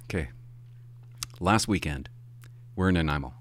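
A middle-aged hockey parent with a deep voice tells a rambling, animated story in a casual monologue, speaking a little slowly and swearing for emphasis.

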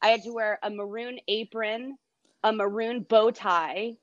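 A middle-aged woman from Canada, a stand-up comedian, telling stories in casual chat with a lively, self-deprecating manner. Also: fairly high pitch, unhurried, no echo, lo-fi sound.

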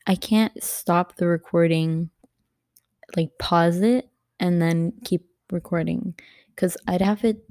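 A young woman talks slowly into a laptop mic at home, her low, mellow voice edged with vocal fry. She rambles casually from topic to topic, full of ums and likes. The sound is close and dry. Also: dry recording. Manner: rambling, drifting between topics with many fillers. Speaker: podcast host. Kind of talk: casual solo podcast chat.

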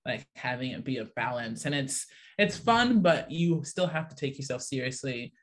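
A woman who grew up between Africa and America and now lives in Australia, chatting casually as a guest, rambling with many fillers and animated when quoting others. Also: very deep voice, moderate pace. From born in Africa, raised partly in the USA, living in Australia. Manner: rambling, lots of fillers, animated when acting out quoted voices. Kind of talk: casual chat.

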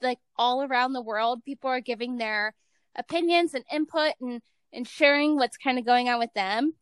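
Woman, 30s, high and bright-toned, chatty host, dry close mic. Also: normal speed, clean tone, no echo. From East Coast / Midwest United States. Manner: chatty, says "like" often, laughs easily. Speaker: podcast host. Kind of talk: casual chat.

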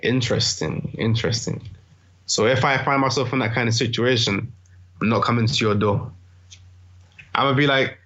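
A man in casual chat, talking in a measured, musing way with some swearing. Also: medium pitch, fairly bright tone.

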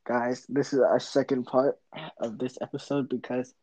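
A woman's voice: very deep voice, steady tone, mellow, dry recording. A young woman hosting a casual podcast chat, teasing her friend and laughing often. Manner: teasing, joking, quick to laugh. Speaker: podcast host. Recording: dull lo-fi mic.

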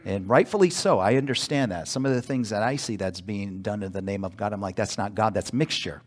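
A male pastor preaching a sermon in church, emphatic, pausing for call-and-response asides. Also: lowish voice.

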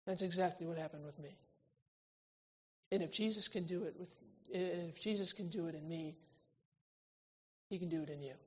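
A man preaching a church sermon, swinging between loud, emphatic lines and quiet, intimate ones. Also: a little high, moderate pace, pauses often, husky. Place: church hall. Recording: reverberant hall, slightly dull sound.

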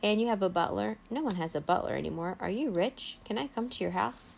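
A bubbly, excitable schoolgirl who bounces from one idea to the next, as a woman voices her in a storybook read-aloud. She sounds brighter and higher than the narration, with a gravelly fry still under it and faint noise behind. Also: fairly quick. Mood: excited. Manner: bouncy and eager.

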